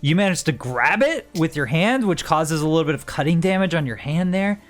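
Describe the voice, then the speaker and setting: A man's voice: a little high, expressive, a little fast. A man running a tabletop game as game master, casual, laughing often and swearing offhandedly as he narrates.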